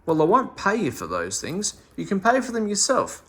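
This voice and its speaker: A man's voice: high voice, very animated, brisk, vocal fry, fairly bright tone, slightly rough, voice pushed up, full character voice. A man voicing a cross, suspicious woman in a storybook read-aloud, scolding and blunt. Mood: angry, scolding.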